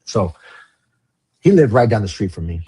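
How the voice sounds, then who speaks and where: Podcast guest from the Valley, low raspy male voice, casual storyteller who swears and rambles. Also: big pitch swings, moderate pace, mellow. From Los Angeles, San Fernando Valley. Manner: casual, rambling, swears, heavy use of "like" and "you know". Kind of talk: candid storytelling interview.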